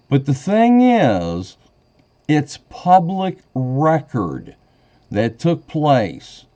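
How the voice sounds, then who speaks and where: A man's voice: medium pitch, mellow. A man, calling a sheriff's office and pressing a complaint, rambling and agitated, at times choked up. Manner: rambling, agitated, wavering between indignation and choked-up emotion. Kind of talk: phone call complaint. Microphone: phone call recorded on his end. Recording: dull lo-fi phone call.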